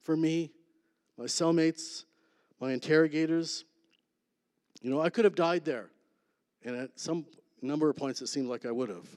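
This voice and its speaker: A man sharing a personal testimony at a church, earnest, with dramatic pauses and soft, intense endings. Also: fairly high pitch, big-room sound. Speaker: guest speaker.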